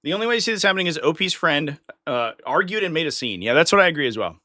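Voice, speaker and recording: A man hosting a casual live stream, his speech swinging up and down with plenty of life. His voice is bright and sits somewhat high for a man, and it sounds close and dry. He comes across chatty and opinionated. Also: very animated, rapid-fire, no echo. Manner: chatty and opinionated, slips into mock voices of others.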